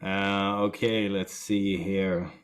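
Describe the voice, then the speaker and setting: A man with a fairly low voice runs a tabletop game, narrating in an unhurried, relaxed way. He pauses often with fillers as he sets up each scene. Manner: relaxed, drawn-out storytelling with fillers. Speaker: game master.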